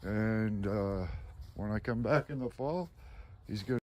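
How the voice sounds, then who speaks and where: A man hosting a casual live stream at home, coaxing his pets in a high sing-song voice and dropping in Spanish words. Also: measured pace, a little mellow. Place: home kitchen.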